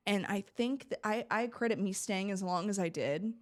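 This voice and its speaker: A woman's voice: medium pitch, normal speed. A young woman from Central Florida, a podcast guest, telling rambling stories in casual chat and laughing often. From Central Florida, USA.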